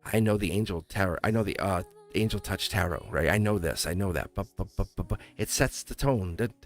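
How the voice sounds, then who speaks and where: With faint music playing behind him, a low-voiced man speaks briskly while hosting his tarot livestream. His delivery is casual and rambling, peppered with chuckles and restarted sentences.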